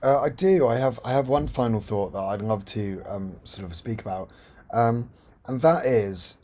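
London guy, guest, relaxed and jokey, average pitch. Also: normal speed. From London, England. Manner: joking, easygoing. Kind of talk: casual chat.

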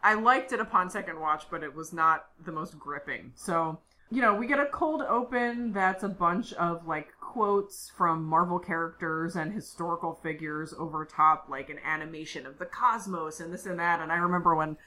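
A woman's voice: fairly low pitch, moderate pace, sharp tone. A woman co-hosting a podcast, chatting casually as she recaps an episode with lots of fillers. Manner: chatty, filler-heavy storytelling. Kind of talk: casual chat.

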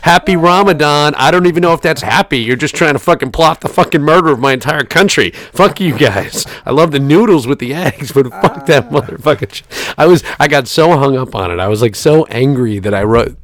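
Man, forties, podcast co-host, gravelly voice, animated swearing storyteller, dry close sound. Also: mid-range voice, dry recording. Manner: animated storytelling with profanity and laughs. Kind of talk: casual chat, storytelling.

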